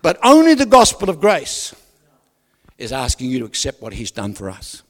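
A male pastor preaching a lively sermon, asking the congregation questions and swinging from loud to soft. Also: medium pitch, moderate pace. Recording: reverberant hall.

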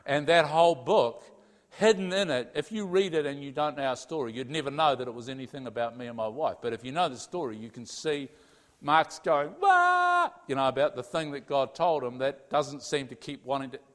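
A man's voice: mid-range voice, fairly quick. A man preaching a conversational sermon with lots of energy, often checking in with the audience. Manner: animated, tags sentences with "okay?". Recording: long hall reverb.

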